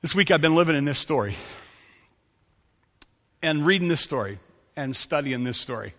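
A man preaching a sermon as a pastor, telling stories, dropping to a hush for quoted lines and rising for emphasis. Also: fairly high pitch, animated, moderate pace, in a large hall.

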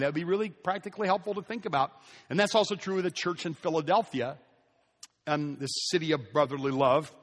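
A man's voice: fairly high pitch, fairly bright tone, big-room sound. A man preaching a sermon as pastor, conversational and emphatic, asking his listeners rhetorical questions.

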